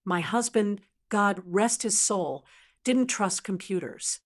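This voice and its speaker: A woman putting on a booming Southern widow. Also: takes it slowly, lightly acted. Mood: showy. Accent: slight Southern US drawl, put on. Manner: loud, booming, flirtatious. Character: brash wealthy southern widow, older woman.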